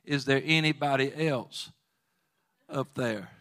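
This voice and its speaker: A man's voice: medium pitch, slow, fairly bright tone. A man preaching a sermon voices a frightened male hiker clinging to a cliff, calling upward and pleading for help.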